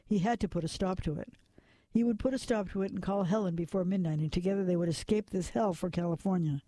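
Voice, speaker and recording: A man reading a dark crime story as a measured narrator, sometimes dropping to a whisper at tense moments. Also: high voice, no echo. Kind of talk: scripted noir narration.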